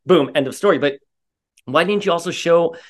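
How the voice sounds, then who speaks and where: A man giving opinionated casual commentary, animated and ranting, his voice rising sharply when he gets riled. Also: fairly high pitch, fairly quick.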